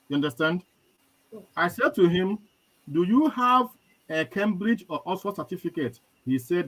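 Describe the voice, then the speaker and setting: A man's voice: sits high, normal speed, low-quality recording. A young man with a Nigerian accent, a guest telling a life story with quoted dialogue in a live chat. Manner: animated storyteller, quotes others.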